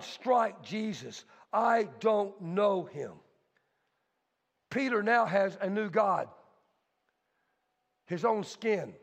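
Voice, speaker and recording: A male pastor delivers an emphatic sermon in a notably high voice with a gravelly fry. He drops to soft asides and then rises again. His words ring out with a long hall reverb. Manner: emphatic, shifts between soft and shouted delivery, asks congregation.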